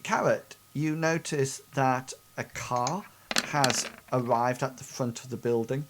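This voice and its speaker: A man narrating as game master, describing scenes in a halting way with frequent restarts. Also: mid-range voice, noisy background.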